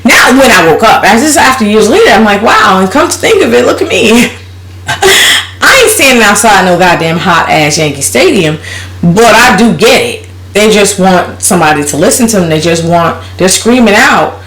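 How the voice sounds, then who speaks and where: A woman's voice: mid-range voice, big pitch swings, normal speed, a bit bright, reverberant. A woman vlogger telling a personal story in a casual, blunt and profane way, laughing as she goes.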